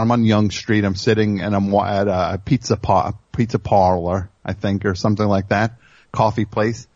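A low-voiced man rambles through a jokey monologue as a radio host, ribbing his crew between stories. The sound is dry and a little dull, close to the mic in a studio. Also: a little mellow, no room sound.

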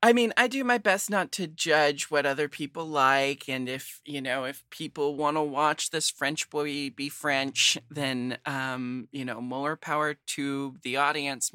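A man's voice: a little high, sharp tone, dry recording, clean studio sound. A man hosting a podcast in casual chat, talking loosely with many fillers and frequent laughs. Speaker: podcast host.

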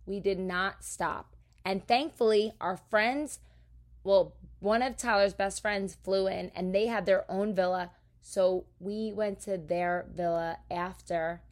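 A woman from New Jersey, a podcast host, telling a story in a casual, animated, profane way. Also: medium pitch, takes it slowly.

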